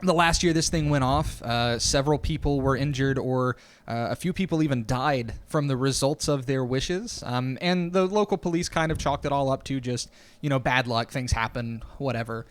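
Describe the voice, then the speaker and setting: A man's voice: medium pitch, normal speed, hardly any pauses. Casual male game master narrating. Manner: casual, filler-heavy narration.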